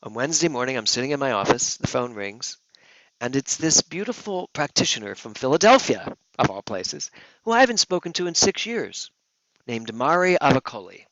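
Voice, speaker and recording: A man giving a talk as a minister, telling a personal story in an earnest, emotional way. His voice moves from hushed to loud. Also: medium pitch, big pitch swings, normal speed, no room sound, muffled recording. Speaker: guest speaker, minister.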